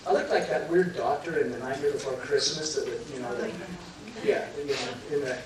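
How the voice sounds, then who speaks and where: A middle-aged man telling an emotional personal story to a live audience, halting and restarting, choking up at times. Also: mid-range voice. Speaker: guest telling his near-death story. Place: large hall before a live audience. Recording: very echoey hall, voice from far off, clear room noise.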